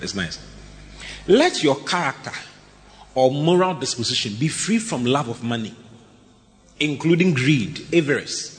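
A man preaching a sermon, swinging from low murmurs up to high shouted lines and reading scripture aloud. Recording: long hall reverb.

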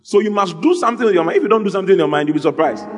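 A man preaching an animated, lively sermon as a pastor, joking with his congregation. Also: sits high, racing. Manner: animated, exclaiming, jokes with the congregation. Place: church hall. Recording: long hall reverb, faint music.

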